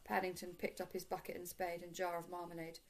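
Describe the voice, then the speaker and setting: A woman teacher reading a bedtime storybook aloud in a clear, gentle storytelling manner. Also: fairly low pitch, completely flat delivery, fast talker, rough recording.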